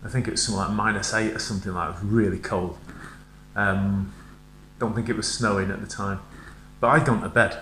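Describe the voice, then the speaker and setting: A man's voice: on the low side, steady tone, a little fast, bright, forceful tone, slight background noise. Man in his fifties, rambling storyteller, laughs easily, roomy echo. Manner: chatty, laughs often, rambling anecdotes. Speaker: heavy metal vocalist. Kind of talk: casual reminiscing to camera. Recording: echoey room.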